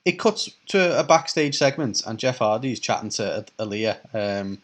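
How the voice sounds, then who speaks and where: A man's voice: lowish voice, expressive, normal speed, fairly bright tone. A man co-hosting a casual podcast, chatty and laughing as he recounts events. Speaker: podcast co-host.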